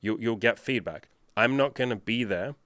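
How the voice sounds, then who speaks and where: A man's voice: mid-range voice, normal speed, fairly bright tone, no room sound, studio quality. A man working as a dating coach, answering viewer questions in a blunt, profane, lecturing monologue.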